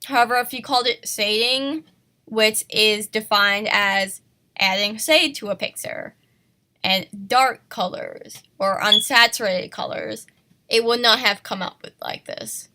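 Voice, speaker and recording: A woman with a bright, forceful tone talks through an art lesson at an unhurried, slow pace. She is sick and self-conscious, laughing at herself and apologizing as she goes. It sounds like a casual home recording. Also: a little high. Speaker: art tutorial host.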